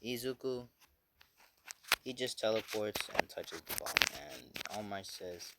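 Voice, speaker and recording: A man's voice: lowish voice, slow, heavy background noise. A man casually retelling a fan story, rambling with many fillers and swearing.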